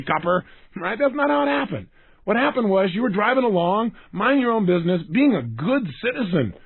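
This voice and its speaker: A man delivers an animated self-help talk. He swings his voice up and down and keeps asking the audience rhetorical questions. His husky voice comes through a dry, phone-like recording. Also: high-pitched, no echo. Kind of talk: motivational talk. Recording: dry, tinny phone-like sound.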